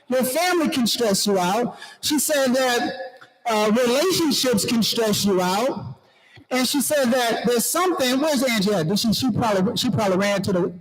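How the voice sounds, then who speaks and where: A man's voice: very high voice, rough recording. A man emceeing a conference from the stage, playful and preachy, talking straight to the crowd. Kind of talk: lively stage emcee talk. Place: conference hall.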